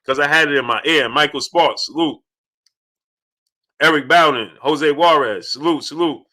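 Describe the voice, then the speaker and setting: A man with a very bright, cutting voice that sits a little high, hosting a boxing talk livestream. He talks in animated bursts between loose commentary and shout-outs to viewers reading their chats. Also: moderate pace. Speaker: boxing talk show host.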